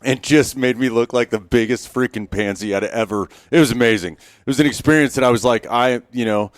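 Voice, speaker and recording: A man's voice: mid-range voice, a little fast, no echo, studio quality. A middle-aged man, a former Marine, telling self-deprecating anecdotes in a casual interview, often restarting his sentences. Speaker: podcast guest, former Marine sniper. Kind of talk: casual storytelling. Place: on a wilderness hunting trip.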